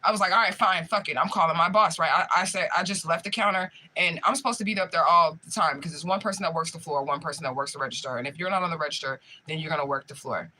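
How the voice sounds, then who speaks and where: A young man telling a profane, animated story in casual chat, often laughing as he retells it. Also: on the high side, rapid-fire, hardly any pauses, a little hiss or hum. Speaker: spiritual medium livestream host.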